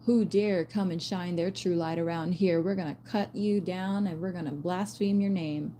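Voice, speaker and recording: A woman giving a casual spiritual message to her viewers, blunt and animated, swearing and using slang as she talks. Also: on the low side, moderate pace, a little hiss or hum. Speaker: spiritual reader.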